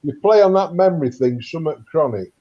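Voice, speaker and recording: A man's voice: on the high side, expressive, fast, muffled recording. A man in a casual friends' chat, teasing another with sweary ribbing.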